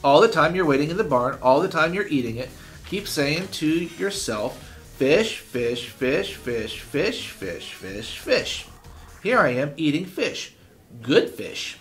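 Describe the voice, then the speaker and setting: A man's voice: a little high, very animated, slow pace, a bit bright, faint music behind, full character voice. A man reading an eager boy chanting. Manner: coaxing, chanting repetition. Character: boy eager to cook worm.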